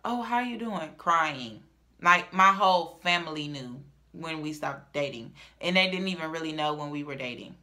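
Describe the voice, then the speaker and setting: A woman's voice: deep voice, normal speed. A young woman, telling a personal story in a casual, dramatic vlog. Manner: chatty, dramatic, swings from loud to murmured.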